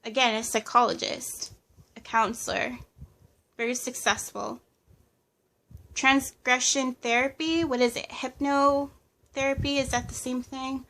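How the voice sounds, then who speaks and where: A woman with a fairly high voice talks through a tarot reading. She lists impressions as they come, pausing and hedging with plenty of fillers. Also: steady tone, pushed and bright. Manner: hesitant, channeling impressions, many fillers. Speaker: tarot reader. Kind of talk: casual pick-a-card reading.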